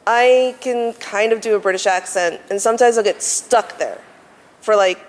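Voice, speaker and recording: A woman in the audience hesitantly asking a question, pausing and fumbling for her words. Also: mid-range voice. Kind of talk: casual question from the floor. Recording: convention hall reverb.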